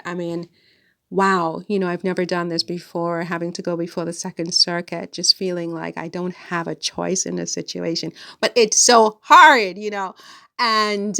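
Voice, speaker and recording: Chatty woman with a gravelly low voice. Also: fairly bright tone. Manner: rambling, chatty, laughs often. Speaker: vlogger. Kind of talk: casual chat to camera. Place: home in France.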